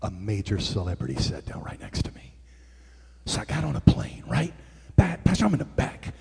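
Preacher guy telling stories, gravelly husky voice, goes quiet then hollers, big echoey hall. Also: lowish voice, moderate pace. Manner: animated, swings from hushed to shouting. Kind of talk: sermon storytelling.

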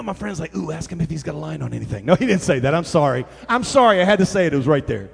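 A man preaching a sermon as storytelling, swinging from hushed tones to shouting. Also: fairly high pitch, sing-song, rapid-fire, gravelly, hardly any pauses, husky, long reverb tail.

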